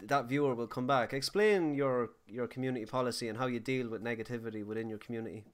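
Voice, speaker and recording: A man co-hosts a podcast interview, and his voice sits in a plain middle range. He puts his questions in a measured, friendly way. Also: mid-range voice. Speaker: podcast co-host.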